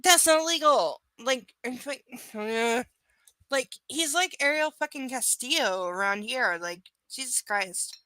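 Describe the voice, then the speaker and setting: A woman reads a novel aloud on a live stream, dropping into sarcastic, foul-mouthed commentary between passages. Her voice is bright and forceful. The sound is close and dry, with no room echo. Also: high-pitched, expressive, unhurried. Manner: sarcastic, profane asides. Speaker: live book reader. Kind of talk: casual live reading with commentary.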